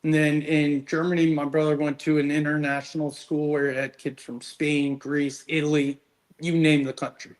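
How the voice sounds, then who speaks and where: A man's voice: a little high, flat delivery, normal speed, low-quality recording. A man telling stories in a casual panel chat, rambling with fillers and restarts.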